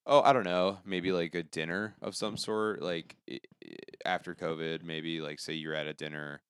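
A man's voice: low-pitched, steady tone, moderate pace, fairly bright tone, clean tone, no room sound, clean studio sound. A man co-hosting a podcast, chatting casually late at night in a rambling, laid-back way with easy swearing, into a microphone at a home setup. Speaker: podcast co-host.

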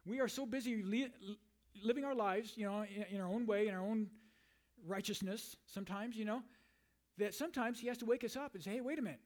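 High-voiced preacher man, chatty sermon. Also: fairly quick. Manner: conversational, repeats words and restarts, many "you know"s; reads scripture aloud and paraphrases it in a lively way. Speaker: pastor.

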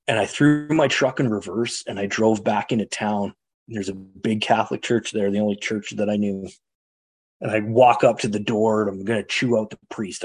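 A man's voice: on the low side, slightly rough. A middle-aged man from Canada telling his recovery story in an earnest, frank way. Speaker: guest speaker sharing recovery story. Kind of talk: personal testimony.

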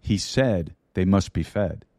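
Low, mellow-voiced male preacher. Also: lively intonation, slow pace, no room sound, clean studio sound. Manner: preaching with repetition, asides and light humor. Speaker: pastor. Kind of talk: sermon. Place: broadcast studio. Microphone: studio microphone.

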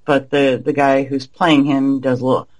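A man's voice: mid-range voice, level tone. A man co-hosting a podcast, giving blunt, opinionated takes on a movie. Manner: opinionated, blunt, quick to judge. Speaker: podcast co-host. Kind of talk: casual film discussion.

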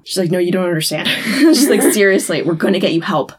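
A woman's voice: lowish voice, brisk, slightly rough. A woman co-hosting a podcast, chatting casually and acting out the characters' lines with frequent laughter. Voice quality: animated, laughs often, acts out quoted lines. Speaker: podcast co-host. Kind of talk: casual chat recapping a TV episode.

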